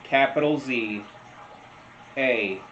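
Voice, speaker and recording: A man's voice: medium pitch, a bit bright. A man doing casual meme reaction commentary, rambling, telling stories and laughing often. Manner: slow, rambling, laughs a lot. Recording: roomy, dull lo-fi sound with faint noise.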